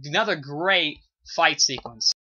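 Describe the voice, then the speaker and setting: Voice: mid-range voice, unhurried, pushed and bright. A video reviewer talking casually about a TV episode, rambling with lots of fillers and gushing praise. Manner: rambling, heavy use of "you know" and "uh" fillers. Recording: dull lo-fi recording.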